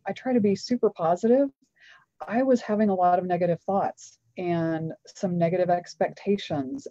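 A woman with a low, mellow voice speaks as a guest in an interview. She is candid and upbeat, and her voice comes through dry and slightly muffled. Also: no room sound. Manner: candid, upbeat, laughs often. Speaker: guest, law of attraction trainer. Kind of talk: interview storytelling.

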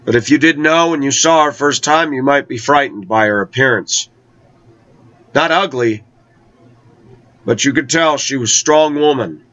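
A man telling a personal travel story in a conversational way, slowing down to draw out key words. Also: medium pitch, fairly bright tone, no echo. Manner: conversational, with slow, drawn-out emphasis. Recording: dull lo-fi recording.

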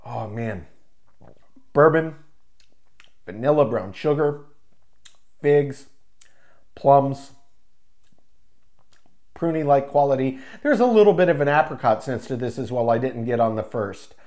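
A man's voice: medium pitch, expressive, a little slow, pauses often, a little mellow. A man reviewing a craft beer in a casual, enthusiastic way, describing flavors in loving detail. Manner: enthusiastic, descriptive, savoring each word.

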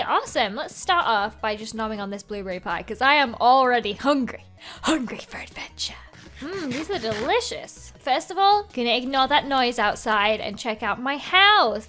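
A young woman in her twenties chats playfully through a game, her voice high and bright. She keeps a bubbly, teasing tone. Faint music plays underneath. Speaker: gaming video host. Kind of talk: gameplay commentary.

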